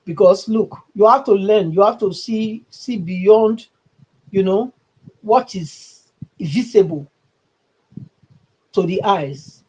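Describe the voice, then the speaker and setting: A woman's voice: medium pitch, takes it slowly, pauses often, a little mellow, husky. Emphatic Nigerian woman on muffled audio. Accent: Nigerian English. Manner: emphatic, rambling, mocking. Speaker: channel host. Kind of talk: livestream political commentary.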